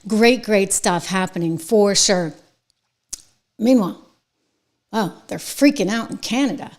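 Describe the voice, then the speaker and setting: Female show host, emphatic and chatty, mid-range voice, excitable commentary delivery. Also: medium pitch, unhurried. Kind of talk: opinion commentary.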